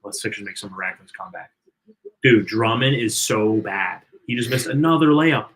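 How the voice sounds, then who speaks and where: A man's voice: fairly low pitch, brisk, fairly bright tone, low-quality recording. A man co-hosting a live game watch party, chatting loosely and calling out score updates. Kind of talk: casual live game chat.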